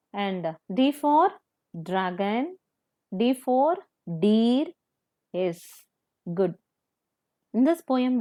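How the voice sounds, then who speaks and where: A woman teaches young children at a slow, deliberate pace. Her voice sits a little high, and she repeats key words patiently while asking the class questions. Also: darkish tone. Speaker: primary school teacher.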